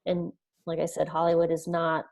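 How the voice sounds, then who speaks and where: Earnest woman guest, slightly low voice. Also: completely flat delivery, normal speed, gravelly, a little mellow. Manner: earnest, retells events with quoted dialogue. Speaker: podcast guest. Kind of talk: personal storytelling in an interview.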